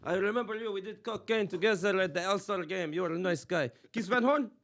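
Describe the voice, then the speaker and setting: A man's voice: high voice, fast, pitched above the performer's own voice. A man voicing a boastful, partying older uncle, with broken English, in an improvised comedy bit. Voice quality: soft, breathy foreign-accented, broken English.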